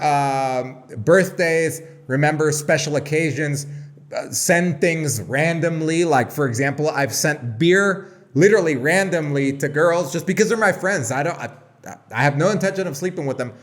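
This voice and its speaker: A man co-hosts a casual podcast. His voice is a little high, and he tells anecdotes in a chatty, swearing, easygoing way. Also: normal speed. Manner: chatty, profane anecdote-telling. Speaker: podcast co-host.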